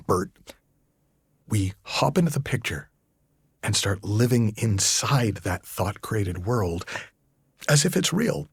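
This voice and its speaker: Husky, low-voiced American man. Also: no echo, clean studio sound. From United States. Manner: conversational, with frequent restarts and slow emphatic stretches. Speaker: podcast host. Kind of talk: reflective solo podcast talk.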